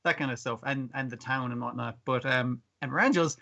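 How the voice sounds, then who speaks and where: A man's voice: mid-range voice, gravelly, sharp tone. A man hosting a podcast, recapping episodes in casual chat and laughing often. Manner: chatty recapping, laughs often, quick quoted voices. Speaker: podcast host. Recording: dull lo-fi sound.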